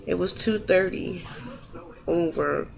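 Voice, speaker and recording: A woman's voice: lowish voice, slow pace, gravelly, slight background noise. A young woman chatting to camera about a long emergency room visit, tired from sleeping all day, retelling events and acting out what people said, with features. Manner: chatty, recounting events with reenacted quotes; emotional, fighting back tears at times. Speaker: vlogger. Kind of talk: casual storytelling vlog.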